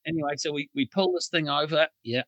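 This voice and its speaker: Bright-voiced New man telling stories. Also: a little high, fast, highs cut off. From New Zealand. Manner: chuckling storyteller. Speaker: guest. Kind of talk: casual anecdote.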